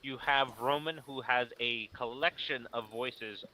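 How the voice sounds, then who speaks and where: Bright-voiced man explaining at length. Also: mid-range voice, a little slow, low-quality recording. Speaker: podcast co-host. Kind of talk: casual horror movie chat.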